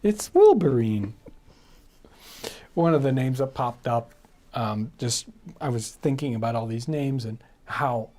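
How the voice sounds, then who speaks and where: A man's voice: mid-range voice, expressive, measured pace, long pauses, mellow. A man hosting a casual live stream chat, rambling along with restarts, fillers and laughs.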